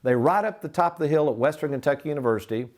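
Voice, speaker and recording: An older man hosts a retirement planning show, walking viewers through the figures in a folksy manner and addressing them as "folks." The financial advisor's voice is a bit higher than most men's and a little mellow, and he talks rapid-fire.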